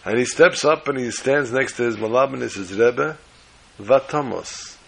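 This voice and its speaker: A man's voice: mid-range voice, brisk, creaky, a bit bright, slight background noise. A man preaching as a rabbi, telling a story in a folksy, emphatic way. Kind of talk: sermon with storytelling.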